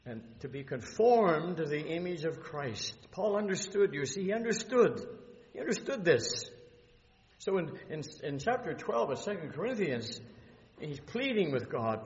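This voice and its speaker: A man preaching a sermon, swinging from hushed pleading to loud emphatic passages. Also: on the high side. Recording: muffled, reverberant hall.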